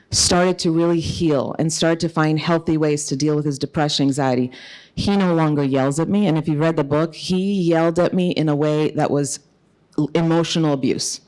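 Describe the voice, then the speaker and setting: A woman's voice: sits low, darkish tone. A middle-aged woman giving an earnest, emphatic conference talk as an author, telling a personal story. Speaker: author and speaker.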